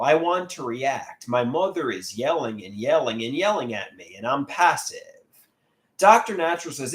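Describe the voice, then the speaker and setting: Lively man chatting on a livestream. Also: mid-range voice, moderate pace. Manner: candid, reads viewer comments aloud. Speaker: livestreamer sharing artwork. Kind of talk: casual livestream chat.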